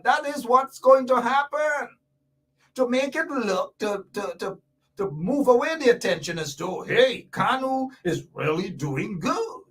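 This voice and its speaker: A man with a high voice hosts a lively commentary show. He hammers his points home and repeats them, with sarcastic asides along the way. He sits a little away from the microphone. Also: far from the mic. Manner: emphatic, repetitive, sarcastic asides. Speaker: host. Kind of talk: animated political commentary show.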